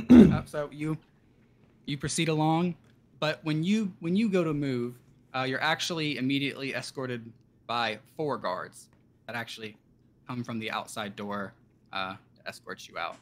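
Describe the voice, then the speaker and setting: A man narrating as game master of a tabletop game, in loose, halting speech full of fillers. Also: mid-range voice, fairly bright tone, slight background noise.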